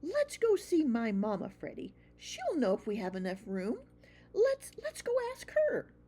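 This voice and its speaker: A woman voicing an eager, excitable young boy mouse in a children's storybook reading, high and bouncy. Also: measured pace, breathy edge, exaggerated voice. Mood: excited.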